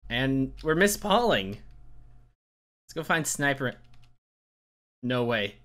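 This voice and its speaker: A man's voice: medium pitch, very animated, takes it slowly, bright, forceful tone. A man hosting a casual let's-play, chatting and reacting as he plays. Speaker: gaming channel host.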